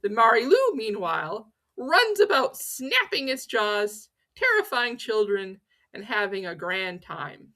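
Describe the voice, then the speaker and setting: A woman with a fairly high voice that leaps up and down as she tells her folklore in a playful, theatrical manner. She takes her time over each line and drops in self-mocking asides. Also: big pitch swings, unhurried, bright, forceful tone. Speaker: host of a pagan folklore channel. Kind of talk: playful educational storytelling.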